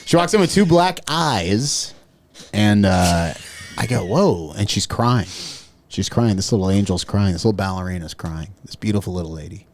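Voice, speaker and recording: A man's voice: on the low side, animated, moderate pace, a little mellow. A man on a comedy podcast telling a rambling, profane story with bits of hardboiled noir voice. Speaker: podcast co-host.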